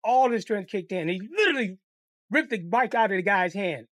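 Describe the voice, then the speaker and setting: A man's voice: high voice, brisk, no room sound, clean studio sound. A man telling a personal story in a casual storytime monologue, swearing freely and acting out the voices of the people in it. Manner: profane, animated, acts out the voices in the story. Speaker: storyteller, channel host.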